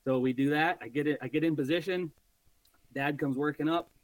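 A man guesting on a podcast, telling a hunting story in an animated, casual way and swearing freely. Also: on the high side, brisk, dry recording, poor audio.

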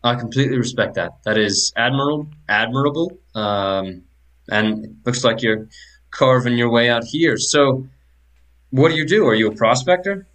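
A warm-hearted, talkative tavern keeper, put on by a man at the game table. He speaks in a folksy, eager way and chatters on at a mid pitch. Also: moderate pace, lightly acted. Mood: friendly.

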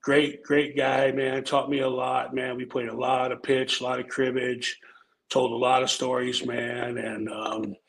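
A middle-aged man from Omaha, Nebraska, with a gravelly, creaky edge to his mid-pitched voice. He tells stories in a loose, casual way, dropping curse words and "man" as he goes. A faint hiss of noise sits under the recording. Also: level tone, a little slow, a bit bright, rough recording. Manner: laid-back and profane, peppers talk with "man" and "um". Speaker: podcast guest storyteller, former wrestler. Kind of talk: casual storytelling.

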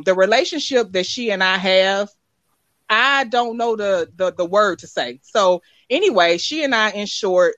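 A woman's voice: medium pitch, a bit bright, no room sound, lo-fi sound. A woman on a video call giving a rambling, heartfelt tribute as a sponsor, with repeated words and many fillers. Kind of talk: casual heartfelt speech.

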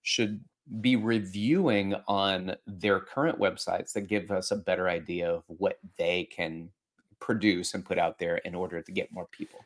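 A male podcast host with a fairly low voice keeps the interview casual and playful. He jumps in to steer the conversation and tease his guest. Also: fairly even intonation, moderate pace.

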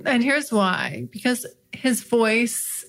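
An American woman hosting a podcast in a relaxed, chatty way, leaning back and talking sideways into the mic in her office. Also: a little high, takes it slowly, vocal fry. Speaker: podcast host. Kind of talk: casual podcast chat. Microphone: recording sideways into a studio mic while reclined.

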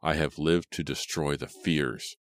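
A man reading an axe-wielding killer in a storybook, speaking slowly, calmly and menacingly. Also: rumbling low, dry recording, clean studio sound. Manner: slow, calm, menacing delivery. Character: murderous man with an axe, calm and gloating.

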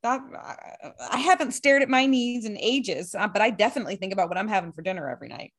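A woman co-hosting a podcast in casual chat, quick to react with playful asides. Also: medium pitch, expressive. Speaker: podcast co-host.

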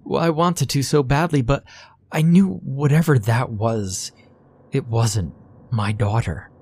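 Man putting on a shaky grieving mother, trembling, husky, slow. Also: medium pitch, darkish tone, voice pushed up. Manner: trembling, shaky, holding back tears. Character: frightened grieving mother, middle-aged woman.

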